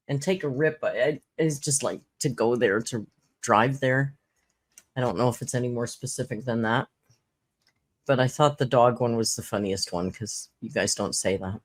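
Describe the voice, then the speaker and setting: A host from Southern Ontario, casually chatting, giggling and explaining slang. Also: medium pitch. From Southern Ontario, Canada. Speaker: reaction channel host. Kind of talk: casual commentary.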